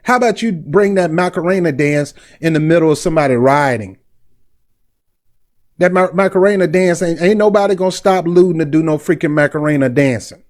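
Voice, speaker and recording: A man's voice: on the high side, brisk. Indignant man ranting on his vlog. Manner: blunt and indignant, talks in street slang. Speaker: commentary vlog host. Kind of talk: heated commentary.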